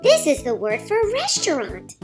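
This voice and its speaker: A woman's voice: high-pitched, wildly swooping pitch, moderate pace. A woman voicing a cheerful young girl who teaches Spanish words to small children in an encouraging, sing-song way, with children's music behind. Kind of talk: children's bilingual lesson.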